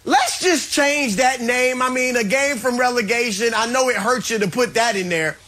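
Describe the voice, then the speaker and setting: A man's voice: very high-pitched, expressive, moderate pace, sharp tone. A man on a sports debate panel who gloats, teases and speaks with dramatic emphasis.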